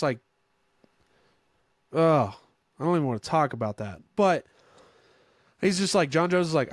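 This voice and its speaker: A man hosting a casual sports podcast on his own, rambling and correcting himself, with sudden bursts of excitement. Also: on the high side, no echo, clean studio sound. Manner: rambling, self-correcting, filler-heavy. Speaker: podcast host. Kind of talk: casual solo sports chat.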